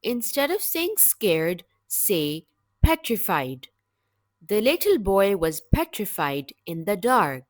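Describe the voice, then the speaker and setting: A woman runs through a slow, scripted English vocabulary lesson with clear, measured word-by-word delivery, her mid-range voice showing big pitch swings. The studio sound is clean and echo-free.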